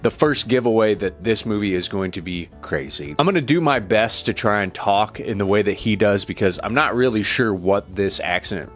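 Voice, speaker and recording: A man's voice: on the low side, moderate pace, few pauses, a bit bright, soft background music. A man recapping a film as a casual movie reviewer, in a blunt, irreverent way with the odd swear word.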